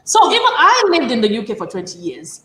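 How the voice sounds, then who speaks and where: A high-pitched woman hosts an online panel discussion. She speaks in an animated way and asks pointed questions. Her voice carries an echo from the room. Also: brisk. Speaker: host.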